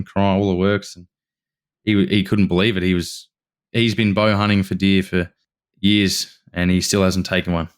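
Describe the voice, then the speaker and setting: A man with an Australian accent, a podcast guest telling a story in a casual, animated way and acting out what people said. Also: sits low, clear, resonant tone. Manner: animated storyteller, acts out quotes, says "mate" often.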